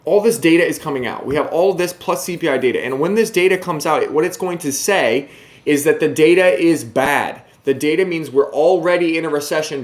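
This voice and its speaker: A man's voice: on the high side, a little fast. A man giving casual market commentary to camera, brash and emphatic, often mocking his viewers.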